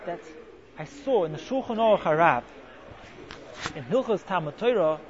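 Animated man giving a Torah talk. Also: high voice, normal speed. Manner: animated storytelling, acts out quotes. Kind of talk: Torah talk with Hebrew and Yiddish terms. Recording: dull lo-fi sound.

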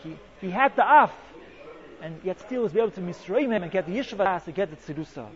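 A man giving an animated Torah talk full of Hebrew and Yiddish terms, telling a story and acting out its quotes. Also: high-pitched, fairly quick. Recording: dull lo-fi sound.

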